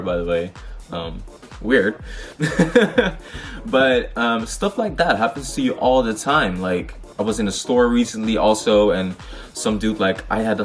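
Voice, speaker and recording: A young man from the Netherlands telling personal stories to camera in a frank, heated way, full of slang and swearing. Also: fairly low pitch. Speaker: vlogger. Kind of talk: casual personal storytelling.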